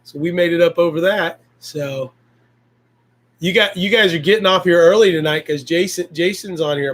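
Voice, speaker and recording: A man's voice: on the high side, normal speed, fairly bright tone. A man hosting a homestead livestream, chatting in a folksy, effusive way and handing out praise and blessings. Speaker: livestream host. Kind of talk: casual livestream chat.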